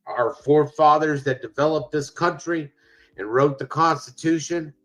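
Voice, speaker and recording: A man's voice: a little high, moderate pace, fairly bright tone, poor audio. A man on a livestream speaking earnestly and repeating himself for emphasis. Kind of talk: livestream speech.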